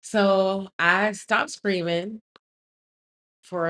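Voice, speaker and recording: A young adult woman tells a story in a loud, lively voice at a middle pitch. She is animated and emphatic, and leans hard on the key moments. Her delivery is casual and direct, as if talking to friends. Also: measured pace. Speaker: host.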